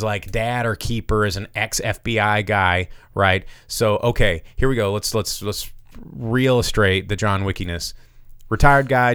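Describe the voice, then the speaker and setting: A man hosting a casual movie review chat, telling plots with profanity and quick acted-out lines. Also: lowish voice, fairly bright tone, clean tone, dry recording, clean studio sound. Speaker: podcast host reviewing movies.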